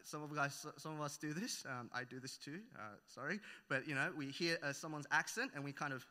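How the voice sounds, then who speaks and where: Echoey hall reverb surrounds this sermon with an opening prayer, delivered conversationally with many fillers and self-corrections. The preacher is a man with an Australian accent who grew up in New Zealand, and his voice is a little high and a little fast, pushed and bright.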